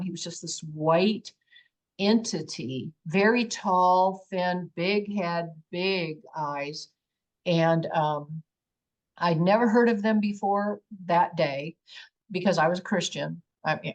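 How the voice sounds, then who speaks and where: A middle-aged woman giving a personal testimony in an interview, telling her story with animation and acting out her own exclamations. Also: on the low side. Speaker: guest.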